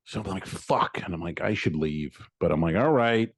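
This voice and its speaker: A man co-hosting a comedy podcast, retelling a frustrating errand in an animated, swearing, storytelling way and acting out both sides of the exchange. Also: low voice, fast talker, husky, no room sound, studio quality. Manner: swears casually, laughs often. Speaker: podcast co-host.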